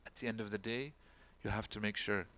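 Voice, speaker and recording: An imam gives a relaxed religious lecture in a lowish, fairly bright voice with fairly even intonation and a brisk pace. He tells a story, raising his voice to act out its characters, and sprinkles Arabic words and phrases throughout.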